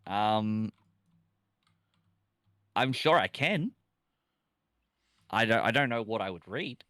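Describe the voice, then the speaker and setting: A young man hosting a casual live stream, chatting and reading messages aloud. He laughs easily and keeps things loose. His voice sits low, and the sound is dry and close. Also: lively intonation, takes it slowly, pushed and bright, no echo. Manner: chatty, laughs often, reads chat aloud.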